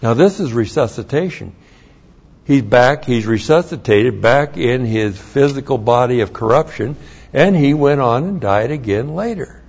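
Male preacher, unhurried delivery, dull muffled recording, plain asides between scripture readings. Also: husky. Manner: reads scripture aloud, then explains in plain asides; grows louder and higher when excited. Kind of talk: sermon.

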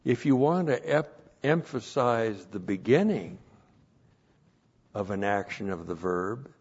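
Slow-speaking man preaching a sermon. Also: fairly low pitch, animated, husky. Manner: repeats phrases, swells loud for emphasis. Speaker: pastor. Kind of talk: sermon with Bible teaching. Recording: dull lo-fi recording.

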